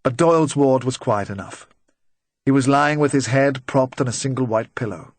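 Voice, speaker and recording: Male audiobook narrator, measured crime reading, medium pitch, very dry booth. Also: no echo. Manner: measured, even storytelling. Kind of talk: scripted narration.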